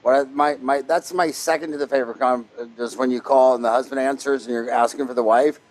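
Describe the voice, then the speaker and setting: A middle-aged man hosting a podcast interview, telling stories in a lively, casual way and acting out the dialogue he quotes. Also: medium pitch, fast talker, heavy background noise. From Kansas, USA. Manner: animated storyteller, acts out quoted dialogue. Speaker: podcast host.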